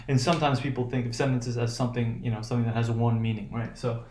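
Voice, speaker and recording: A man's voice: medium pitch, level tone, quick pace, hardly any pauses, darkish tone. Man lecturing with frequent "right?". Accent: American. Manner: hesitant, many fillers and "right?" checks. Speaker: teacher. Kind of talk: classroom lecture on intonation. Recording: echoey room.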